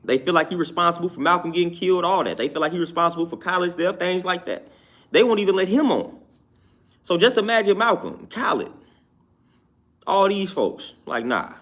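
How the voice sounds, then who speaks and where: Emphatic higher-voiced man giving opinions. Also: lively intonation, brisk, fairly bright tone. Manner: emphatic, repeats "you know what I'm saying". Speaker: YouTube commentator. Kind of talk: casual opinion talk.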